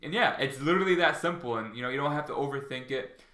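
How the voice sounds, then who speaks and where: A man's voice: medium pitch, expressive, quick pace, pushed and bright, echoey room. A man giving casual sales tips to his viewers, rambling with lots of fillers and restarts and acting out both sides of phone calls. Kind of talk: casual advice vlog.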